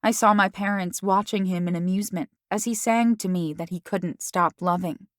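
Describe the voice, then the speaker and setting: A woman narrating a first-person audiobook in a measured, reflective way. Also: mid-range voice, steady tone, no echo, clean studio sound.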